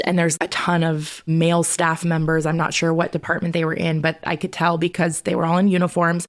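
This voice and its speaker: A woman hosting a podcast tells a personal story in a candid, chatty way and swears freely. Her voice sits fairly low with a gravelly, fry-heavy texture. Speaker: podcast host. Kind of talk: casual storytelling.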